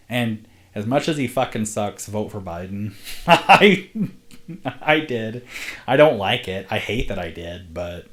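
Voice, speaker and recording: A man's voice: on the low side, fairly bright tone. A man talking to camera in a casual, rambling vlog, earnest and sweary, often breaking into laughter. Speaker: vlogger, independent filmmaker.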